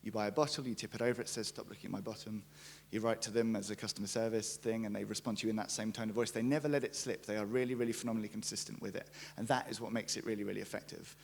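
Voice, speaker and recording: A young man giving a conference talk, jokey and lively, acting out quotes as he tells stories. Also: on the low side, racing, vocal fry, hardly any pauses, a little hiss or hum. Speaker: conference speaker, brand writer. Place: conference stage.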